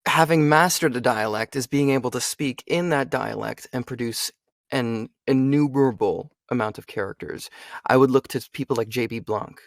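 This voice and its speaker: Guest slot: young male voice actor, animated and chatty, dry close recording. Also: mid-range voice, moderate pace, no room sound. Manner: animated, chatty, frequent fillers. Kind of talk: casual interview chat.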